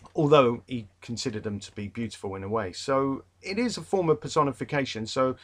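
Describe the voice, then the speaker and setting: Giving a revision session to literature students, an English literature tutor with a London accent rambles chattily, restarting sentences and leaning on fillers. His mid-range voice is fairly bright, and he gets emphatic about a pet peeve.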